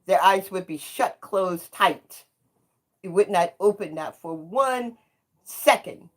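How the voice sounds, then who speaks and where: Slow, impassioned woman in her seventies. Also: mid-range voice, animated. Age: 70s. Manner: emphatic, repeats phrases, preacher-like. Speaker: host. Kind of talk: impassioned livestream monologue.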